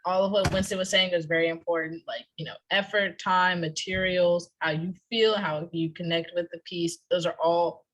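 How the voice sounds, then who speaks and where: A woman's voice: on the low side, fairly even intonation, moderate pace, hardly any pauses, fairly bright tone, rough recording. A young woman presenting at an online workshop, chatty and emphatic, heard over a video call. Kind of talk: casual online workshop talk.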